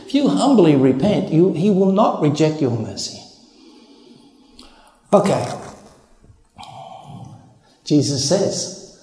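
Emphatic preacher in an echoey hall. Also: male voice, on the high side, big pitch swings, takes it slowly, pauses often, dark tone. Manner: emphatic, conversational preaching with laughs and acted asides. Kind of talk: sermon.

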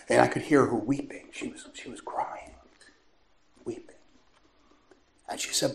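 A man, a priest, preaching by telling a story in a chatty, animated way with bursts of laughter. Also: medium pitch, normal speed, creaky, pauses often. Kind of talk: storytelling sermon. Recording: echoey room with faint noise.

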